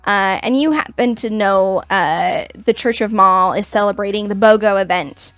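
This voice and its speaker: A woman narrating as game master of a tabletop game, often pausing on fillers. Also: medium pitch, a bit bright, no room sound, soft background music. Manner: halting, many fillers.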